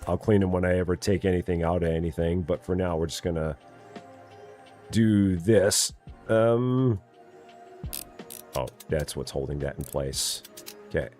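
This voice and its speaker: A man streaming a game live, chatting casually and often muttering quietly to himself as he works. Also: low voice, measured pace, long pauses, soft background music. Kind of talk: casual live gameplay commentary.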